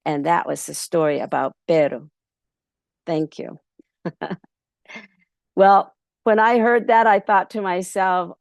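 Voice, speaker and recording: A woman storyteller at a festival workshop who tells a folk tale in an easy, rambling way, with many pauses. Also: fairly low pitch, creaky, no room sound, studio quality. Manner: relaxed, many ums and restarts.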